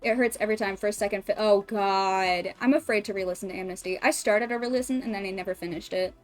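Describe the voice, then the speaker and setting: A woman streaming at home, chatting casually, emotionally expressive and swearing often. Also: medium pitch, fast, faint music behind. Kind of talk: casual livestream chat.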